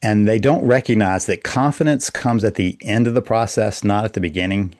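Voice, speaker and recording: A man who is a guest on a podcast, explaining his ideas in a measured way as a coach. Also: on the low side, darkish tone, dry recording, clean studio sound. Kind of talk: podcast interview.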